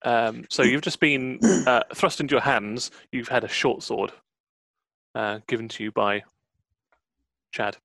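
A relaxed man runs the table as game master, talking through the scene at an easy pace. His voice is mid-pitched and sits dry and close to the mic, with no room sound around it. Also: unhurried, gravelly, long pauses, dry recording. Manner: relaxed, laid-back, with fillers.

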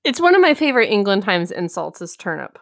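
A woman's voice: mid-range voice, sing-song, fast, gravelly. A woman co-hosting a casual book chat, summing up the plot with a wry, dry humor. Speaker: podcast co-host.

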